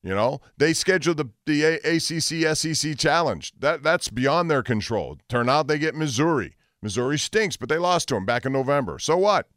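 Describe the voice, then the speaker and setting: A man's voice: fairly high pitch, expressive, normal speed, hardly any pauses, fairly bright tone, no room sound. Guy hosting sports talk radio, blunt and opinionated, dry close studio mic. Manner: blunt, opinionated, talks over callers.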